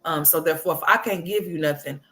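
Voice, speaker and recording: A woman's voice: deep voice, quick pace, a bit bright. A woman hosting a casual livestream commentary, blunt and profane, scolding her subject and greeting chat viewers by name. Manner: talks to viewers as y'all.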